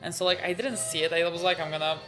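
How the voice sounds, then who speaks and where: Brief: lively, talkative woman reaction co-host, low voice, faint music underneath. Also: quick pace. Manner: chatty, animated storyteller who laughs often. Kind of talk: casual chat reacting to an anime episode.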